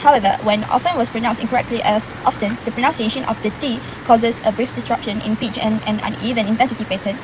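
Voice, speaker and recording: A woman student giving a scripted presentation on pronunciation, in a measured and careful explanatory manner. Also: on the high side, fairly even intonation, background noise. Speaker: university student presenting an assignment.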